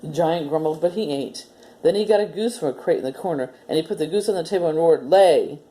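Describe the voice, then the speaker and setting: Woman, children's story time host, low voice, mellow, gentle step-by-step explaining. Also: fast. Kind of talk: reading a story aloud to children, then a simple demo.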